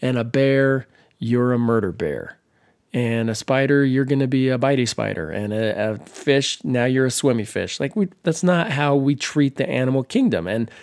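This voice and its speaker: A man's voice: medium pitch, darkish tone, no echo, clean studio sound. Wry, rambling male podcast host. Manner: wry, sarcastic, meandering with many restarts. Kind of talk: casual rambling monologue.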